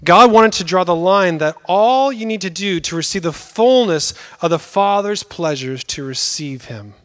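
A young man with a high-pitched voice delivers a sermon. He talks conversationally, then leans hard on key words and lets pauses hang for effect. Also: lively intonation. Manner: conversational, emphatic preaching with dramatic pauses. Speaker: preacher.

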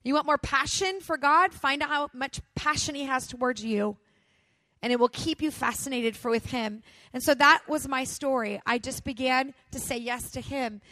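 A woman's voice: fairly high pitch, sharp tone, no room sound. A woman pastor from California preaching a sermon, telling a personal story and asking the audience questions.

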